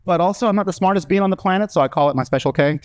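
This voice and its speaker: A man's voice: sits high, rapid-fire, darkish tone, dry recording, studio quality. A man from Mexico in his thirties doing a stand-up comedy set, loose and profane, often laughing at his own jokes.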